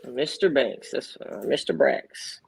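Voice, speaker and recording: A man's voice: mid-range voice, sing-song, takes it slowly, vocal fry, slightly rough, rough recording. A man from Texas making live sales calls, upbeat and slangy with a joking manner. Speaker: caller.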